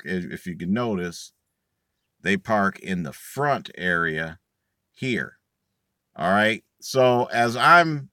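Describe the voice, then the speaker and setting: A middle-aged man casually telling a profane, animated story in a vlog, full of slang. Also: fairly low pitch, no echo, clean studio sound. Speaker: vlogger.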